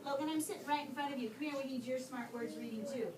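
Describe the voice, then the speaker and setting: A woman teacher coaxing young pupils through a writing lesson, asking questions and reading words aloud slowly. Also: sits high, a loud crowd. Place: classroom. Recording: roomy, distant, noisy classroom.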